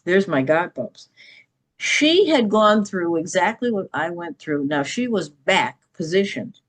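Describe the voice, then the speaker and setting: A woman's voice: fairly low pitch, sing-song, unhurried. A middle-aged woman, a podcast guest, telling a personal story with emphasis and often checking in with "okay?".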